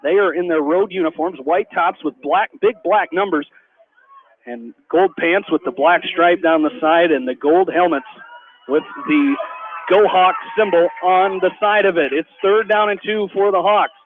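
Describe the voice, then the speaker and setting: A man with a high voice calls football play-by-play for local radio, narrating every snap and yard. His delivery climbs fast when a play breaks open. The broadcast sounds narrow and phone-like, with soft hiss behind it. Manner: rapid, rising excitement on big plays. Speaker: play-by-play announcer.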